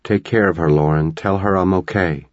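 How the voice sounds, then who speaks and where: A man voicing a calm, determined teenage boy in an audiobook. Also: deep voice, moderate pace, no room sound, lo-fi sound, natural voice.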